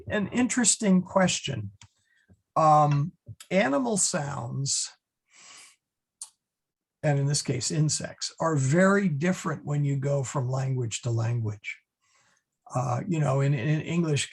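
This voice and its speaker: In an online class, a man teaches Latin slowly and deliberately, his mid-range voice slightly husky. He stumbles through fillers and restarts. Now and then he chuckles at his own asides.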